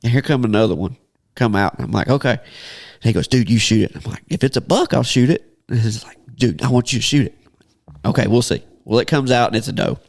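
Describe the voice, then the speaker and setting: A man's voice: mid-range voice, fairly quick, vocal fry. A man hosting a podcast, telling a casual story and laughing often as he talks. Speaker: podcast host.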